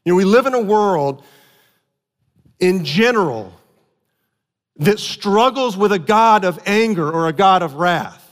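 A man preaching a sermon, telling a family story with animated outbursts and earnest explanation. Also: high-pitched, measured pace, long pauses. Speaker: pastor. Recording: long hall reverb.

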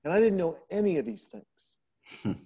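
A middle-aged man tells family stories in a casual podcast conversation, his voice on the high side, a little slow, with a breathy edge and the highs cut off. He's animated, acting out the quoted voices of the people in them, including his daughter.

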